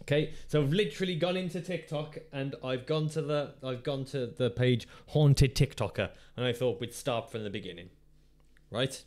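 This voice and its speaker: A man who runs his own channel and is the parent of a teenager reacts to videos, chatting casually and rambling through jokes and playful swearing. His voice is mid-range and a little mellow, at a normal speed.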